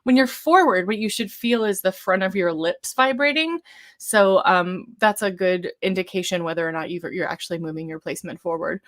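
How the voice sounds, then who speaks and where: A woman leading a live-streamed vocal warm-up as a voice coach, talking gently and encouragingly in a casual way, with some ums. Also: on the low side, moderate pace.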